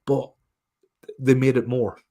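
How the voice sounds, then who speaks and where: A man co-hosting a film podcast in casual chat, animated, laughing often and swearing casually. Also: medium pitch, slow. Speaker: podcast co-host.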